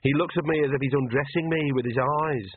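A sullen, stubborn young woman, as a male narrator puts her on, in a voice lifted above his usual. It sounds husky and dry, as if through a phone. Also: mid-range voice, brisk, narrow, tinny audio, voice pushed up, natural voice.

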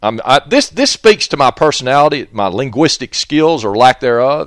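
A man's voice: medium pitch, big pitch swings, normal speed, hardly any pauses, a bit bright, no echo, clean studio sound. A man with a Southern accent, hosting a rambling monologue in a blunt, profane, digressive way.

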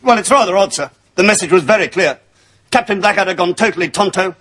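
An actor playing a prim, fussy British staff officer, officious, in a sitcom. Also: male voice, high-pitched, quick pace, slightly rough. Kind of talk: sitcom acting before a studio audience. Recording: hissy sitcom audio with loud audience laughter.

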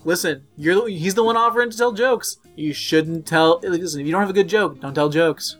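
A man's voice: a little high, a little fast, a bit bright. Cohost guy riffing a made-up story, laughs a lot, faint guitar music. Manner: playful, laughs while talking, mock-tough. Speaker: podcast co-host. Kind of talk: improvised comic storytelling.

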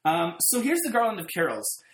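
This podcast co-host tells a story with a lively, swooping voice and a sarcastic edge. The talk is casual and animated. The sound carries a noticeable room echo. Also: medium pitch, fairly quick. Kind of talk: casual chat. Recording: roomy echoey room.

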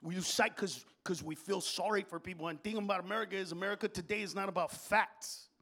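A male stand-up comedian on stage, brash and profane, jumping between loud rants and low muttering. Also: fairly even intonation, quick pace. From Honduras. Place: comedy stage before a live audience.

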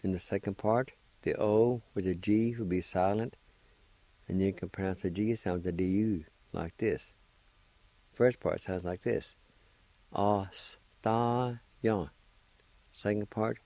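A man hosting a pronunciation lesson, sounding out words syllable by syllable and repeating them slowly. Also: fairly low pitch, mellow, no room sound. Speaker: language teacher and radio host.

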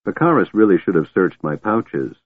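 A man's voice: low-pitched, sing-song, normal speed, no echo. A man voicing a cheerful, fearless small male kender who talks in a chatty, boastful way. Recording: tinny, dry, phone-like sound.

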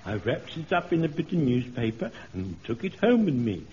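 An actor playing a flustered, fussy elderly shopkeeper who repeats himself, in a radio comedy. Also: male voice, medium pitch, big pitch swings, normal speed, dark tone, close to an everyday voice. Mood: eager. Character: flustered elderly male butcher, easily panicked. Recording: dull old radio broadcast with faint hiss.

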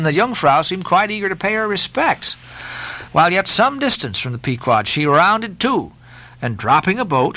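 A man reading a classic novel aloud, expressive with occasional halting fillers. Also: fairly high pitch, no echo. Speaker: narrator. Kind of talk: audiobook narration.

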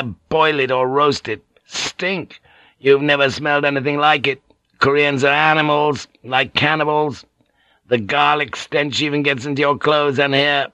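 A man's voice: mid-range voice, bright, forceful tone, no echo, pitched above the performer's own voice. A man reading an audiobook, voicing a ferocious, bitter middle-aged samurai lord with a menacing, clipped manner.

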